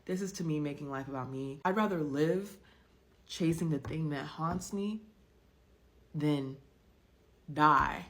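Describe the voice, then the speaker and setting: A woman who quit her corporate job, talking in a blunt, profane, animated rant. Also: low-pitched, unhurried, pauses often. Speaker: ex-corporate worker. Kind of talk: casual social video rant.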